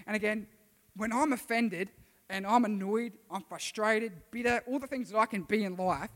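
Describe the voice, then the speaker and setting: A man preaching to a youth group in a casual, energetic way and calling on listeners to respond. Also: high-pitched, normal speed. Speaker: youth pastor. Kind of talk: sermon. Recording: reverberant hall.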